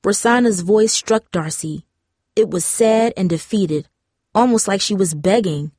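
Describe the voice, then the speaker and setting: A woman narrating an audiobook at a mid pitch, telling the story in a steady way. The sound is close and completely dry, with no room in it. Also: measured pace, no room sound. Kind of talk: scripted narration.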